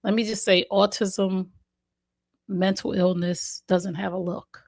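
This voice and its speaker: In a casual interview, a woman with a New Jersey accent, a mother and autism advocate, animatedly recounts stories and acts out people's words. She has a mid-range voice and takes things slowly.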